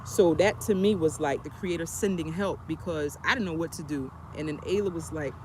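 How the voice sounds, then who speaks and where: A woman's voice: low voice, brisk, a little mellow, a little hiss or hum. A woman chatting casually on a storytime livestream, rambling with many fillers while sitting on a bench outdoors. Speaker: travel vlogger.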